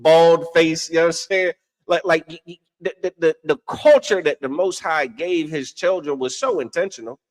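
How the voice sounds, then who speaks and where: A man, co-hosting a religious talk show, preaching in a casual, animated way and often asking "you understand?". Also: a little high. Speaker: religious podcast co-host.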